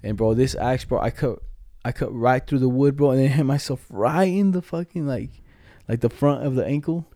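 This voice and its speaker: A young man spins loose, profane stories among friends, full of slang and laughter. His voice is mellow and dark in tone. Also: medium pitch, moderate pace, hardly any pauses, no room sound, clean studio sound. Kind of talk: casual chat.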